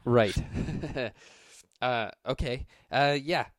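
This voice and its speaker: A man's voice: mid-range voice, drawn-out words. A man running a tabletop game as game master, narrating in a loose, rambling way with plenty of fillers. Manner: relaxed and rambling, many fillers.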